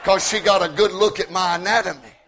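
A man preaching a sermon in a folksy, joking way, repeating words as he builds up and rising to shouts at his high points. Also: steady tone, fairly quick, some chatter behind. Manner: repeats words when starting sentences.

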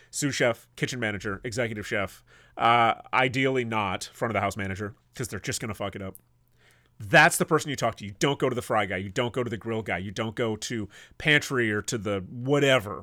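A man talking about restaurant kitchens with a lively, swinging delivery and plenty of swearing. His voice is dry and close, with no room sound around it. He laughs often as he tells his stories. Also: mid-range voice, no room sound. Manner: blunt, profane, laughs often, storytelling. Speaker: podcast co-host, former cook. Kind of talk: casual chat.

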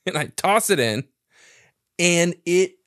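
A man's voice: high-pitched, animated, slow pace, a bit bright, dry recording, clean studio sound. A man telling a long story in casual, profane chat, laughing as he goes.

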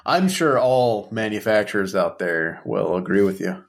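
Deadpan teasing man in casual chat. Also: on the low side, normal speed, gravelly. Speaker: podcast co-host running the list.

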